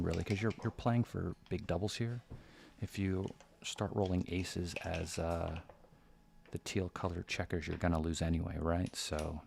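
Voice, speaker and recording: A man giving live game commentary in a hushed, near-whispered voice, thinking aloud about each move. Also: low-pitched, vocal fry, slight background noise. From United States. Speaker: backgammon commentator.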